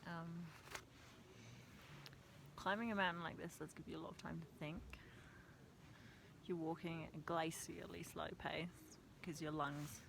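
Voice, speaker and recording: A woman's voice: sits low, steady tone, measured pace, gravelly, pauses often, noisy background. A young woman talking casually and reflectively outdoors on a mountain trail, laughing often at herself. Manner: chatty, laughs often, self-deprecating. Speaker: vlogger.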